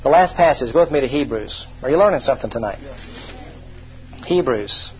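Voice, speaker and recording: A man with a lively mid-range voice, speaking a little fast, preaches a folksy, conversational sermon full of stories, making fun of himself and asking the congregation rhetorical questions. Soft music plays behind him, and the highs are cut off.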